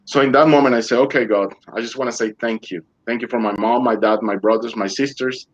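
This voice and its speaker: A man's voice: mid-range voice, steady tone, fast talker, highs cut off. A man being interviewed over a video call, telling his story vividly and acting out what he said, in loose non-native English. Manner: vivid storyteller who acts out his own quoted lines. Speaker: interview guest.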